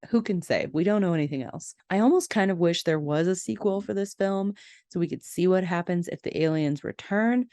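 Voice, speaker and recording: A woman's voice: fairly low pitch, a little fast, dark tone, dry recording, clean studio sound. A woman hosting a casual podcast, narrating film scenes in detail with chatty asides. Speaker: podcast host.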